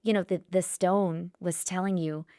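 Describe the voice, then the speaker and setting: A woman's voice: lowish voice, steady tone, moderate pace, warm tone, no echo, clean studio sound. Encouraging woman co-host. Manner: supportive listener, laughs often, chimes in. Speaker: podcast co-host. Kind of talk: casual chat.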